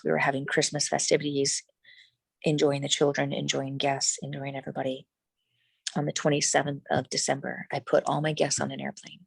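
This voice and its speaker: Middle-aged woman guest telling her story, gravelly and low, dry close sound, keeps restarting. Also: no echo, rough recording. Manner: animated, emphatic, many restarts. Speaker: interview guest. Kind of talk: casual personal storytelling.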